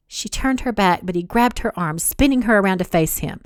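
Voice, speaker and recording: A woman, the author, reading her own romance novel aloud in an expressive, dramatic storytelling style. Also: mid-range voice, fairly quick, hardly any pauses, dry recording, studio quality. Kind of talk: audiobook narration.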